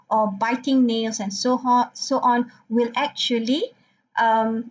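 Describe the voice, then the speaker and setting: A woman's voice: a little high, rough recording. A woman lecturer talking through her slides and checking in with "okay" again and again. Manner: frequent "okay" check-ins, non-native phrasing.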